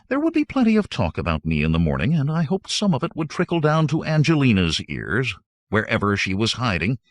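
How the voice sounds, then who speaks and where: A man reads a first-person novel aloud with wry, lively storytelling. His voice sits low but ranges widely, rising and falling through each sentence. The recording is close and dry, with no room sound. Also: dry recording. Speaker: audiobook narrator.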